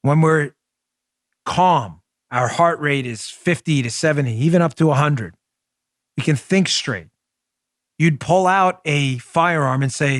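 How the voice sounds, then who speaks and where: A man's voice: on the high side, unhurried, pauses often, dry recording, studio quality. Emphatic Queens-accented man in his forties. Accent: New York (Queens). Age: 40s. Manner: emphatic, rhetorical, addresses listeners directly. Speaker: talk show host. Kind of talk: opinionated radio talk.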